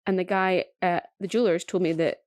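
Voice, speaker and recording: A woman's voice: on the low side, steady tone, a little fast, darkish tone, no echo. Chatty young woman. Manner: laughs easily, tells an anecdote with quoted speech. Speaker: podcast guest. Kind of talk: casual chat.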